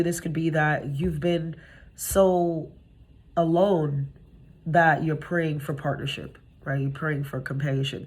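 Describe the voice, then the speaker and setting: Low husky woman reading tarot. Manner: chatty, streetwise, talks to viewers directly. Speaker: tarot reader.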